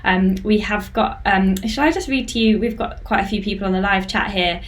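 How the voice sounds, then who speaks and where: A woman hosting a live-streamed interview on a video call, chatty and warm in her words as she reads out viewer comments. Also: mid-range voice, a little fast, background noise. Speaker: podcast host.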